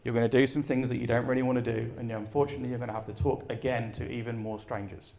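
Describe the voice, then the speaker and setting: Man, gravelly voice, lively conference talk, audience questions. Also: mid-range voice, fast talker. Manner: energetic, storytelling, asks the audience questions. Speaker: conference speaker. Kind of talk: live talk and Q and A. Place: event room with an audience.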